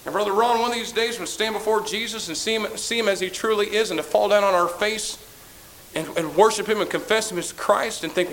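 Male preacher mid-sermon, fervent and repetitive, fairly high voice. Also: fairly quick, a little hiss or hum, rough recording. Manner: impassioned, repetitive, swelling to loud peaks then dropping low.

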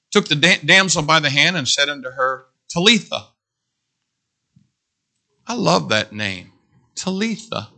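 A middle-aged man preaching a sermon, animated, breaking into whoops and joking asides. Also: medium pitch.

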